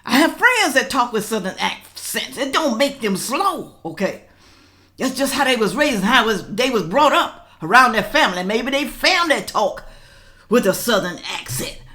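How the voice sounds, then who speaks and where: A woman's voice: on the high side, sing-song, normal speed, sharp tone. An older woman giving blunt, chatty commentary to her viewers, calling them y'all. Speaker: reaction vlogger.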